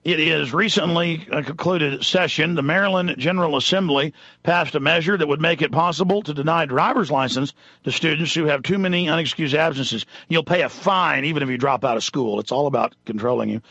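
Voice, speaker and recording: A man's voice: fairly high pitch, brisk, sharp tone, dry recording, muffled recording. Indignant ranting male talk radio host. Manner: ranting, indignant, reads news items aloud. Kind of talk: impassioned talk radio monologue.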